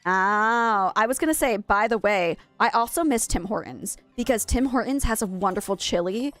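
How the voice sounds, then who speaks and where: A woman's voice: mid-range voice, moderate pace, fairly bright tone, soft background music. A young woman from Maine chatting casually with viewers while she streams a game, wistful and rambling, often correcting herself mid-sentence. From USA (Maine).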